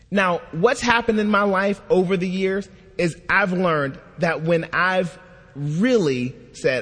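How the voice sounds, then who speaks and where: A man's voice: high voice, takes it slowly. A man preaching a sermon, telling a personal story and acting out the quoted dialogue with lots of expression. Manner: animated, acts out quoted dialogue. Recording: long hall reverb.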